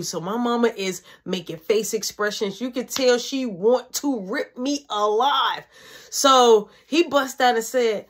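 A woman's voice: fairly high pitch, measured pace. A woman telling a personal story in casual, slangy, profane speech.

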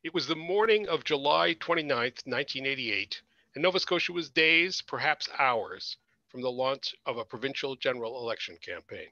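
A man, an author, reading aloud from his book at an online launch in a measured, expressive way. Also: medium pitch, no room sound, muffled recording.

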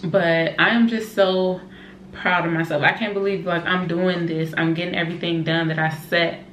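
A young woman and mother chatting excitedly to her camera at home, calling her viewers y'all. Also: on the low side, moderate pace. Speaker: vlogger, mother of an infant. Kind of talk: casual vlog chat to camera. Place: at home, indoors. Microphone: camera set up nearby, moved during talk. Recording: roomy home room with faint background noise.

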